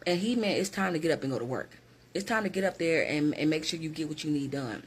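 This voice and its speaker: A woman's voice: low voice, quick pace, a little hiss or hum. A woman who works as a hiring manager, talking straight to her viewers in a direct, emphatic motivational vlog.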